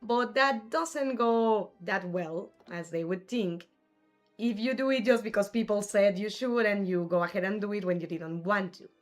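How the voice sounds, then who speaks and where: A woman live-streams a game and chats casually, answering messages from her viewers in an easygoing way. Her pitch sits in a middling range, and a bit of game music plays softly behind her. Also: normal speed. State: has the hiccups. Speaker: livestream gamer host.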